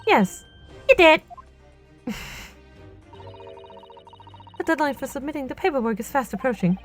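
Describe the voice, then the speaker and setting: A polite, cheerful young assistant, prim and gentle in every word, as a woman voices her. The voice is high and bounces with lively pitch. Soft music plays faintly behind. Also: measured pace. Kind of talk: voicing game dialogue on stream.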